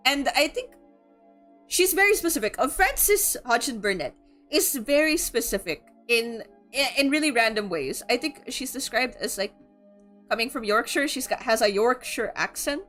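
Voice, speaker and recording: A woman's voice: fairly high pitch, animated, unhurried, a bit bright, faint music behind. A young woman from the Philippines hosting a book club, chatting casually and rambling with lots of filler words and giggles. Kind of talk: casual livestream chat.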